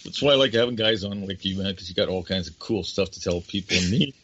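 A man's voice: deep voice, fast talker, fairly bright tone, a little hiss or hum. An older man hosting a talk show, rambling and impassioned, often calling his guest by name. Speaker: radio show host. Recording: dull lo-fi audio.

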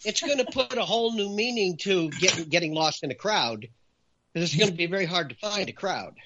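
A man with a bright, lively voice that swings widely between quiet asides and loud emphatic stretches. He talks in an animated, hard-pressing way, and the recording sounds dull and lo-fi. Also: sits high, a little fast, slight background noise. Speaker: talk show guest. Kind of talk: animated opinion talk.

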